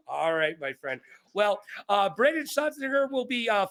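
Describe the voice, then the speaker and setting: A man's voice: high-pitched, normal speed. A man in his forties hosting an interview, joking and playful in casual chat. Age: 40s. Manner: joking, animated, playful asides. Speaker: host.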